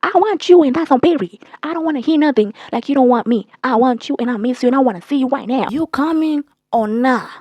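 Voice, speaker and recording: A woman's voice: fairly high pitch, animated, a little fast, few pauses, no room sound, muffled recording. A woman quoting a pushy, obsessive young man who insists and demands in a raised voice. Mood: demanding.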